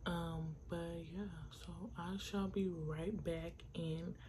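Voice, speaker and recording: A woman's voice: on the low side, steady tone, takes it slowly, mellow, a little hiss or hum. A young woman hosting a makeup tutorial, chatting casually and enthusiastically to viewers, peppering her talk with "like" and the odd swear. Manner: enthusiastic, talks straight to viewers.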